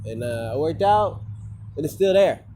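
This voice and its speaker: A man with a fairly high-pitched voice rants casually into a phone camera while outdoors. He rambles, swears freely and says his phrases twice over. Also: expressive, normal speed, warm tone, a little hiss or hum. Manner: rambling, profane, repeats himself. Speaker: vlogger.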